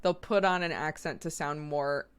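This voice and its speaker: A woman's voice: deep voice, moderate pace, clean tone. A woman streamer chatting casually, telling stories with frequent laughter and casual swearing. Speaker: streamer host. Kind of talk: casual chat.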